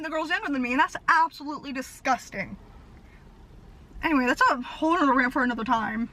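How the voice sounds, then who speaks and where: A woman in her twenties, a vlogger rambling through stories in casual chat, talking fast and animated with lots of "like", recorded in a car. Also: high-pitched, rough recording. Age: 20s. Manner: fast, animated storytelling with frequent "like". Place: parked car.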